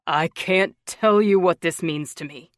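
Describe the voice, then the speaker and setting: A woman's voice: on the low side, measured pace, no echo, clean studio sound, close to an everyday voice. A woman voicing an emotional, grateful older man who speaks in a choked-up way. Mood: moved. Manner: choked-up, heartfelt.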